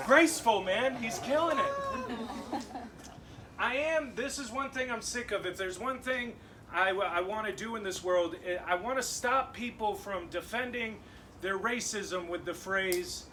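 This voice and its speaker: A young man from Massachusetts doing a stand-up set in a comedy club, animated and punchy, with laughing asides. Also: high voice, a little slow, distant mic, heavy background noise.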